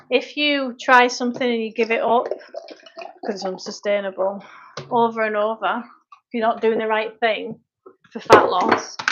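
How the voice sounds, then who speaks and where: A chatty British woman in her thirties with a fairly high voice hosts a casual fitness livestream from her kitchen. She reads viewers' comments aloud and keeps stopping to look after her children. The sound is dull and lo-fi. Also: fairly bright tone. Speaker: fitness coach. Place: home kitchen.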